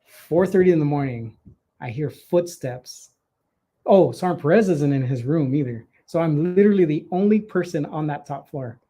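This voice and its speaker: A man co-hosting a casual podcast, his voice sitting a little high for a man. He tells stories in an animated, profane way, and his delivery is loose and conversational. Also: moderate pace, husky. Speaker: podcast co-host. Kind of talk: casual chat, storytelling.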